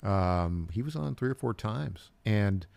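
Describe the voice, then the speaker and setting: A man's voice: fairly low pitch, expressive, a little slow, creaky, darkish tone, dry recording. A man in his sixties from upstate New York, hosting a talk radio show in a casual, rambling way, repeating words and chuckling as he tells stories. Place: radio studio. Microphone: studio mic.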